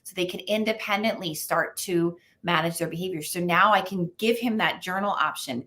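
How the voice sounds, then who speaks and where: A woman parenting expert, a guest on an interview show, explaining strategies and telling anecdotes in an animated way with frequent fillers. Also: on the low side, normal speed. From United States. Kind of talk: conversational interview.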